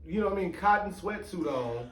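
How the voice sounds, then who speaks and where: A man's voice: sits high, lively intonation, brisk. A man co-hosting a casual podcast, telling stories in loose, colloquial speech with casual swearing. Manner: loose, colloquial, swears, with many "like" and "you know what I mean". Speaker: podcast co-host. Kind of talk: casual storytelling conversation. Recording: roomy sound, distant from the mic.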